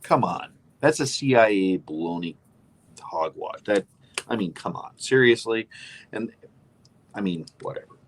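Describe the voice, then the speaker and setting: A man's voice: fairly low pitch, lively intonation, moderate pace, slight background noise. A man co-hosting a casual political chat show, emphatic and opinionated, rambling with restarts. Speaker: co-host.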